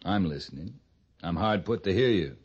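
An actor playing a blunt, dryly impatient army captain in a 1950s radio drama. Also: male voice, sits low, lively intonation, moderate pace, darkish tone, husky. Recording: dull old radio broadcast recording.

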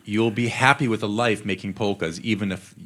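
A man moderating an onstage interview and taking questions from the audience, with a brisk, conversational manner. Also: lowish voice, steady tone, fairly bright tone.

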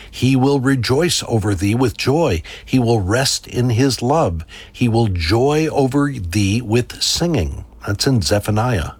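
Slow, husky-voiced man reading devotionally. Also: lowish voice. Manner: slow, measured and reverent.

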